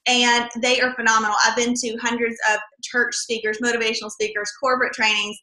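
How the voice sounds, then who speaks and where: A woman's voice: fairly high pitch, level tone, a little fast, pushed and bright, roomy sound, low-quality recording. A woman co-hosting an online sales party, chatty and enthusiastic, laughing often. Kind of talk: casual sales pitch.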